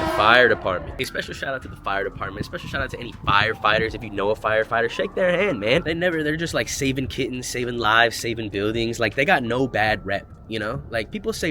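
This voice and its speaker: A man in his twenties from the United States rambles through a casual vlog monologue, joking and swearing, full of "like" and "you know." His medium-pitched voice is expressive and fast, with hardly any pauses. Noisy outdoor street ambience surrounds him.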